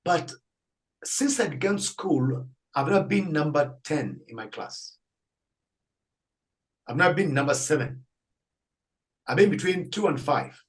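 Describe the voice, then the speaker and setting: Animated man telling a story, laughing often. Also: on the high side, takes it slowly, pauses often, poor audio. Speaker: Catholic priest guest. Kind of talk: storytelling in a faith interview.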